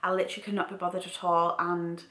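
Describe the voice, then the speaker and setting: Bright-voiced chatty woman vlogging in an echoey room. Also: fairly low pitch, flat delivery, fast talker. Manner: chatty, rambling with frequent "like" and restarts. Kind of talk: casual chat to camera.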